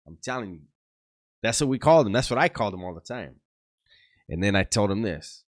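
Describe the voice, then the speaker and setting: A man's voice: lowish voice, expressive, brisk, long pauses. A man telling a story to his channel in casual talk, laughing often and using streetwise slang. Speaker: YouTuber.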